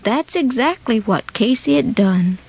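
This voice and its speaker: A woman narrating a children's moral story in a dramatic, expressive way. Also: on the high side, a little slow, husky.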